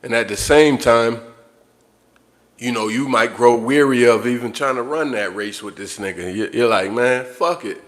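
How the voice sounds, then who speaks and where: Medium in pitch and a bit bright, his voice moves at a normal speed. He's a livestream host delivering an unscripted monologue to his audience, cursing, speaking bluntly, and circling back over the same points.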